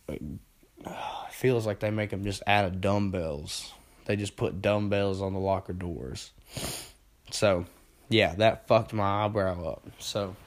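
Low-voiced young man telling stories. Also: a little mellow. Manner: profane, self-mocking, rambling. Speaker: podcast host. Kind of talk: casual storytelling.

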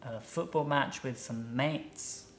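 A British man chatting casually as a guest teacher, soft-spoken and unhurried. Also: medium pitch. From United Kingdom. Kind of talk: casual conversational chat.

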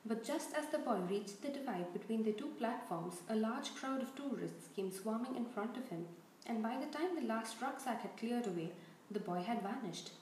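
Woman reading a storybook out loud, kinda high voice, super echoey room, bit of hiss. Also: normal speed. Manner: expressive, steady storytelling. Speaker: reader. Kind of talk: storybook read-aloud narration. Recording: very echoey room, faint noise.

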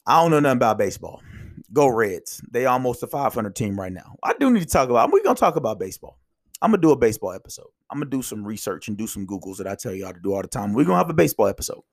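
A man with a gravelly, fry-touched voice hosts a casual sports talk show. He talks in rambling, animated rants that jump from point to point. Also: medium pitch, very fast. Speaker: podcast host.

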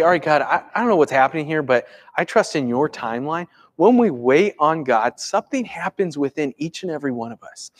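Animated preacher with a lifted voice. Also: male voice, a little high. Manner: animated, swings from urgent to hushed and calm. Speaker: pastor. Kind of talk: conversational sermon.

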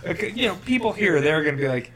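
A podcast co-host chats casually, his high-sitting, slightly bright voice swinging widely in pitch as he talks fast. He rambles, interrupts himself to restart sentences, and tosses in wry asides.

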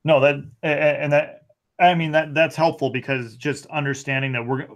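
A man's voice: a little high, steady tone, moderate pace, a bit bright. A man co-hosting a casual theology chat, telling a rambling story with jokes and restarts. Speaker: podcast co-host.

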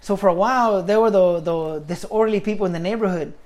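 A man's voice: sits high, fast talker, darkish tone. A man chatting casually, laid-back, with lots of fillers like "you know" and frequent laughter. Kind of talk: casual chat.

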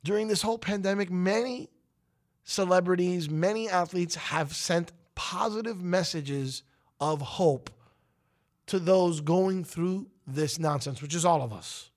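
A man's voice: sits high, unhurried. A man hosting a talk show, delivering an emphatic, preachy opinion monologue that rises to outbursts. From United States.

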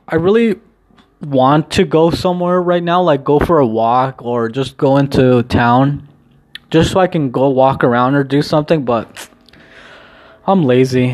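Rambling, downcast young man vlogging at home. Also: darkish tone. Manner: rambling, hesitant, swears casually, low-key and downcast. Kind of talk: casual rambling daily vlog. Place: indoors at home, pacing back and forth.

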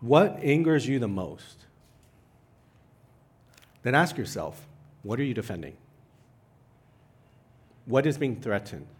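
A young adult man preaching a sermon in an animated way, his voice climbing for emphasis and mixing in self-deprecating asides. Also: mid-range voice, takes it slowly, pauses often, breathy edge. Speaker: pastor.

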